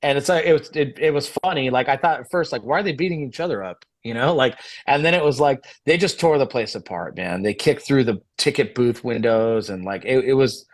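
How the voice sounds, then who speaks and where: A man's voice: mid-range voice, a little fast, hardly any pauses. A man around forty, a guest musician and promoter, telling stories in a casual interview. He swears freely and acts out the people he quotes. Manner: profane, animated storyteller, acts out quoted dialogue.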